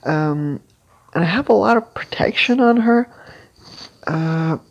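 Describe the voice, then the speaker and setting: Slow, gravelly, husky guide voice. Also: mid-range voice, animated, lo-fi sound. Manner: halting, with many fillers and restarts. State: clearing throat, voice catching. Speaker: game guide creator. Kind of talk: casual spoken game strategy guide.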